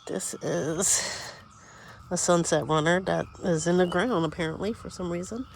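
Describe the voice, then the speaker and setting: A woman's voice: on the low side, unhurried, gravelly, a little hiss or hum. A woman giving a casual tour of her vegetable garden outdoors, chatty and easily distracted, sniffling a little as she talks.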